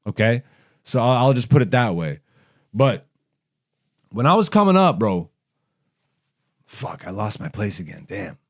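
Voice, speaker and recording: A man's voice: lowish voice, very animated, unhurried, long pauses. A young man hosting a comedy podcast, talking in a heated, profane, rambling way in casual conversation.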